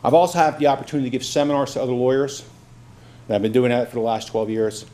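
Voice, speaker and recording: A man in his fifties gives a campaign speech at a candidates' forum, at an average pitch for a man. He tells stories from home with easy, self-deprecating humor, then walks through his career in a steady, earnest way. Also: fast talker, slight background noise. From Brooklyn, New York. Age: 50s. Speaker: judicial candidate.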